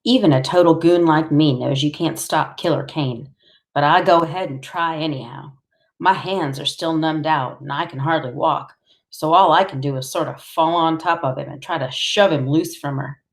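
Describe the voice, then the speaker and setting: A woman reads a novel aloud in the first person. Her voice is low, and she keeps the telling steady and intense. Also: normal speed. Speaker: audiobook reader.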